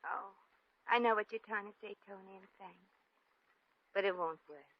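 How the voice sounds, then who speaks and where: A woman's voice: mid-range voice, normal speed, lightly acted. An actress playing a young, streetwise American shop girl with slangy, wisecracking speech in a 1940s radio drama. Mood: wistful. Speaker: lead actress. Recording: lo-fi vintage radio recording.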